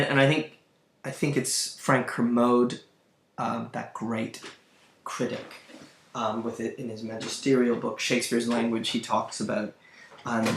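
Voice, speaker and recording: Slow, thoughtful male lecturer. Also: mid-range voice, noisy background. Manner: thoughtful, searching, with fillers and restarts. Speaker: literature lecturer. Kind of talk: recorded lecture. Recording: roomy echo.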